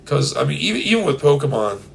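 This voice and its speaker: A hoarse young man co-hosting a podcast in casual, playful, rambling chat. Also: on the high side, sing-song, fast talker, a little hiss or hum. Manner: playful, rambling, breaks into silly bits. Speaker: podcast co-host.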